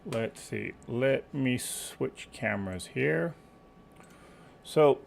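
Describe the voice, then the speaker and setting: A man's voice: mid-range voice, slow pace, vocal fry, husky. A man hosting a quilting live stream from home, chatting casually, greeting viewers by name and sometimes losing his train of thought. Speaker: quilting livestream host.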